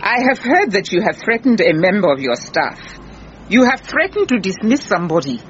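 Actress as a patient woman detective, lively pitch, muffled radio-play sound. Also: normal speed, a little hiss or hum, lightly acted. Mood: firm, gentle. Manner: gentle but firm, patient. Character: calm, persistent female private detective. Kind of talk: radio drama acting.

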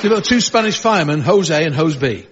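A man's voice: fairly high pitch, lively intonation, a little fast, lo-fi sound, over a noisy crowd, very noisy. A man with a Liverpool accent telling rambling jokes on a comedy panel show and acting out the voices in his stories. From Liverpool, England. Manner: rambling anecdote, acts out voices in the story.

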